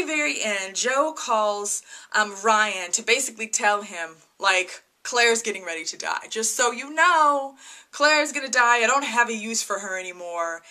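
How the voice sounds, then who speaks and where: Chatty, bright-voiced young woman reviewing TV. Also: on the high side. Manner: chatty and excitable, many fillers and "right?". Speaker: TV review vlogger. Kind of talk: casual TV episode review.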